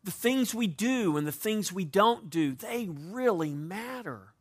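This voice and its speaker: A man preaching to his congregation in a somewhat high voice. He swings from raised, emphatic lines to hushed, conversational asides, keeping a pastor's earnest sermon cadence throughout. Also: lively intonation, takes it slowly, husky. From United States.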